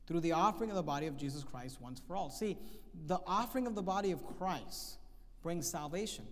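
A man preaching a sermon, emphatic, reading scripture slowly and repeating key phrases. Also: fairly high pitch, animated. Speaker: pastor. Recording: long hall reverb.

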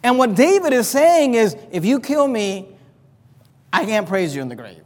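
A man with a high voice preaches a sermon, quoting scripture aloud and pressing his points with rising, pleading emphasis. His voice carries a long reverb from the hall. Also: very animated, moderate pace. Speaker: pastor.

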